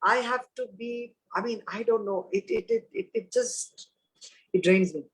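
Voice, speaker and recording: A woman in her fifties with a slightly raised pitch talks openly as an interview guest. She speaks frankly and reflectively and repeats phrases to drive a point home. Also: unhurried, rough recording. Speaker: guest, actor and mother. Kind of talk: candid interview conversation.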